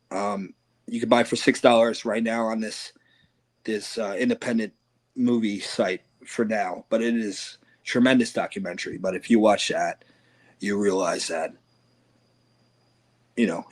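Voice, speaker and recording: A man, a wrestler, telling loose, profane stories in a casual interview and acting out other people's lines. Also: lowish voice. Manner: loose, profane storytelling with quoted voices. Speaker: professional wrestler, guest.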